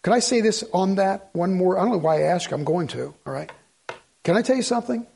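Husky, high-voiced man preaching emphatically. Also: fairly quick, warm tone. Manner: folksy, emphatic preaching with rhetorical questions. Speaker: pastor. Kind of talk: sermon.

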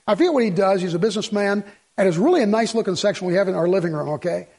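Husky, high-voiced man preaching emphatically. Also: animated, very fast, a little mellow. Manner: folksy, emphatic preaching with rhetorical questions. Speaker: pastor. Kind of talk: sermon.

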